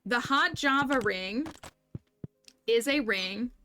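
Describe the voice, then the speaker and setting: A woman's voice: a little high, expressive, slow, bright, forceful tone, slight background noise. A woman streaming a video game, chatting casually with viewers, interrupting herself and explaining the game's mechanics. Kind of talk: casual gameplay livestream chat.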